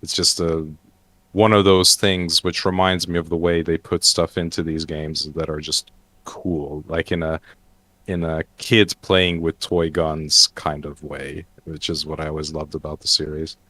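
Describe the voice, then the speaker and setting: A man with a very low voice and a bright, forceful edge to it. He talks haltingly and keeps restarting his sentences, padding them with fillers. The sound is dry and close. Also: flat delivery, no room sound. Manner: hesitant, lots of fillers and restarts. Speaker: roundtable panelist. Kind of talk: casual online chat.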